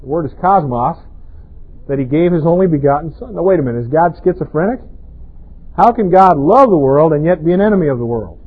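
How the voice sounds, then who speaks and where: A man's voice: fairly high pitch, animated, a little fast, breathy edge. A pastor preaching a sermon in a conversational way, often asking his congregation rhetorical questions. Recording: tinny, phone-like band-limited sound.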